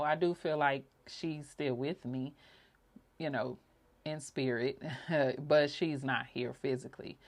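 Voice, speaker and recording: A woman hosting a podcast, telling heartfelt personal stories with bursts of laughter. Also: sits low. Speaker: podcast host. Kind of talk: personal reflective monologue.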